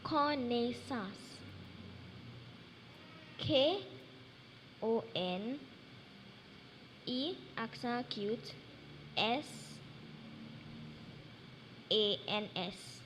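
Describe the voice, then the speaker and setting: A woman spelling words letter by letter as a spelling bee contestant, slow and careful. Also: a little high, lively intonation, fairly bright tone. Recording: noisy, mic far off.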